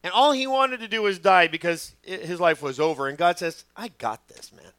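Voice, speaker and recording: A middle-aged man preaching a sermon as pastor, telling stories with lively quoted voices. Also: high-pitched, moderate pace, smooth, dry recording. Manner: animated storytelling, acting out quoted voices.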